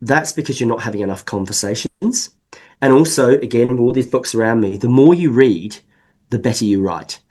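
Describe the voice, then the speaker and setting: A man from England whose accent has drifted toward New Zealand talks as a podcast guest. His voice sits at an ordinary middle pitch. He explains at length and leans hard on key words with animated emphasis. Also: fairly quick. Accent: mixed English and New Zealand. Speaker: sales consultant guest. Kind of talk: podcast interview.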